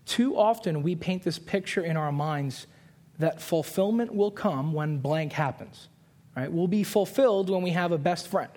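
A man in his twenties preaching a sermon, telling a story with animated voices and repeating key lines for emphasis. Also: a little high. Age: 20s. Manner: storytelling with animated put-on voices and quick asides.

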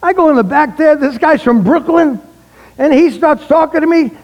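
A man, a retired pastor telling a personal testimony, animated and acting out the dialogue in his story. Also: very high voice, moderate pace. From the Bronx, New York. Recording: echoey hall.

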